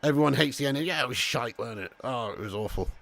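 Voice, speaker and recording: Chatty lad hosting a football stream. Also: male voice, medium pitch, fast talker, gravelly. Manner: casual, laddish, swears freely, calls viewers mate and lad; gets loud and excited calling goals. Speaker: football watch-along host. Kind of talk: live streamed football commentary and chat.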